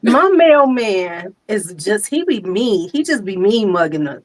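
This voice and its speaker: An older woman, hosting a casual chat and telling lively stories, laughing often and acting out quotes. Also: mid-range voice, measured pace, no room sound. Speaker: host.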